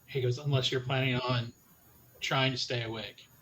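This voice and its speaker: A man's voice: mid-range voice, fairly even intonation, normal speed, bright, forceful tone, slight background noise, poor audio. Man narrating as a tabletop storyteller. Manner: retells NPC speech with frequent "he goes". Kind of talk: narrating a tabletop game in character.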